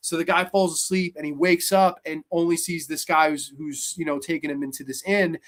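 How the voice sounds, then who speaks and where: A man hosting a horror movie show, retelling a film's plot in an energetic, animated way with fillers. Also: on the high side, fairly quick. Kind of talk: casual movie review.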